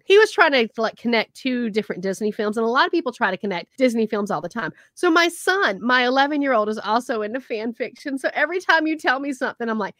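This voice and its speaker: A woman co-hosting a podcast in casual chat, animated, acting out quotes and laughing often. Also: fairly high pitch, quick pace, hardly any pauses, dry recording, clean studio sound. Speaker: podcast co-host.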